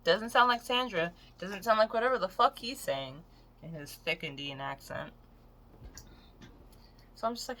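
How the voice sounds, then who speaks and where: A woman's voice: medium pitch, animated, moderate pace, pauses often, a bit bright, a little hiss or hum. A woman in her late twenties ranting frankly and with plenty of swearing in a casual vlog. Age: 20s. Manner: frank, profane, exasperated storytelling. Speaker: vlogger. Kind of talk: casual rant to camera.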